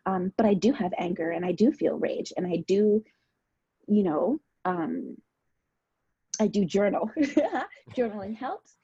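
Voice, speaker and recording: Mellow, husky-voiced woman opening up. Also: medium pitch, animated, a little slow, pauses often, no echo, lo-fi sound. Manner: reflective, opens up about painful memories. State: tearful. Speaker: podcast guest. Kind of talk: candid personal conversation.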